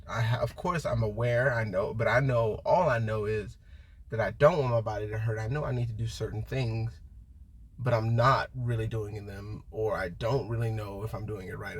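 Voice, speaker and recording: A young man talking in a casual, rambling monologue, full of restarts and "you know"s, with a husky voice. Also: mid-range voice, slight background noise. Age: young adult. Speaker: vlogger.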